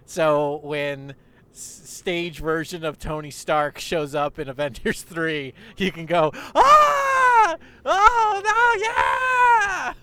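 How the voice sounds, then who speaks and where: A man's voice: a little high, steady tone, slow, noisy background. A young man in comic banter, riffing in long mock-earnest bits while riding in a car. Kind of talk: comedic banter. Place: in a car in traffic.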